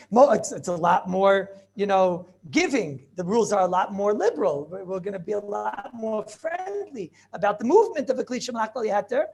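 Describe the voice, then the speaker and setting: A man, a rabbi, teaching a lively Talmud lesson to his students, animated and full of rhetorical questions and asides. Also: high-pitched, creaky, slightly rough.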